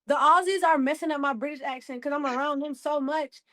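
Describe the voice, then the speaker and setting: A woman in her twenties, a rookie basketball player, answering interview questions in a casual, slangy, animated way. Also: high-pitched, fairly quick, no room sound, clean studio sound. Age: 20s. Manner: lively, laughing, slangy, lots of "you know what I'm saying".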